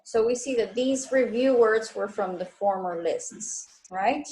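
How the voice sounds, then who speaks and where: A woman teacher with a Guatemalan Spanish accent, slowly and patiently explaining spelling and word stress in a recorded online lesson. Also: on the high side, warm tone, low-quality recording. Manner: slow, patient, repeats words to model stress.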